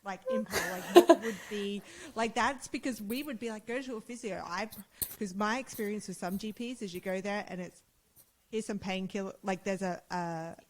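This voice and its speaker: A woman's voice: medium pitch, normal speed, low-quality recording. An Australian woman hosting a podcast, chatting casually and asking a guest questions with trailing fillers. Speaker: podcast host. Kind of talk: conversational podcast interview.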